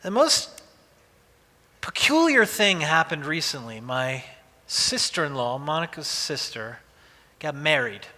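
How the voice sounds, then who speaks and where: A man in his forties preaches in a relaxed, storytelling way, often restarting his sentences. His voice is bright and sits a little high for a man, and it carries a long reverb from a large hall. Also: takes it slowly. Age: 40s. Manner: conversational, anecdotal, with frequent restarts. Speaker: pastor. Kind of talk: sermon.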